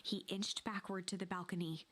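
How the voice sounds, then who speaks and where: A woman narrating a game like a storybook, in a hushed, breathy, whispery voice. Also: mid-range voice, fairly even intonation, moderate pace. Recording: game audio with faint music.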